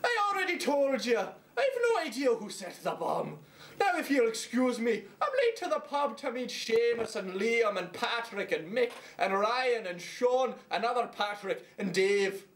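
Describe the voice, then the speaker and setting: A man's voice: very high-pitched, big pitch swings, pitched above the performer's own voice, exaggerated voice. A man putting on a hammy fake Irish rogue. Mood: dismissive. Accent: exaggerated fake Irish accent. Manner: dodges questions, breaks into a slow sentimental song. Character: boozy stereotyped Irish man, evasive and flippant. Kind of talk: parody sketch acting.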